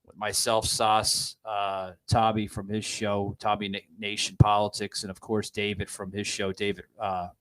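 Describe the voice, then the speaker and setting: A man hosting a political podcast, talking in a halting, upset way with many fillers and restarts. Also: lowish voice, completely flat delivery, a bit bright, low-quality recording. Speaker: podcast host.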